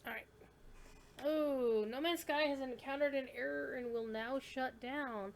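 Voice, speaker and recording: A woman's voice: high voice, steady tone, measured pace, creaky. A woman streaming a game, chatting casually and cooing at her kitten while the game loads. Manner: coos and baby-talks to a kitten between game remarks. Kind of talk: casual gameplay stream chat. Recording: faint background noise.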